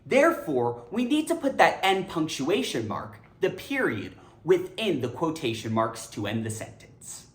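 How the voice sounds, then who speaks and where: A woman's voice: low voice, sing-song, unhurried, hardly any pauses. A woman teaching English grammar, upbeat and emphatic in a teacherly way. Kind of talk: educational explainer. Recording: echoey room.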